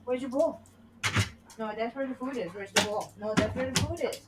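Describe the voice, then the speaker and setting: Playing a video game on stream, a middle-aged woman chats casually and often mutters to herself in a higher-than-average voice at normal speed. The recording is very noisy.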